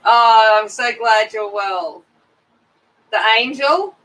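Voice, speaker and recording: A woman's voice: a little high, takes it slowly, a bit bright, rough recording. A middle-aged woman hosting a coloring live stream, chatting casually and rambling as she greets viewers by name.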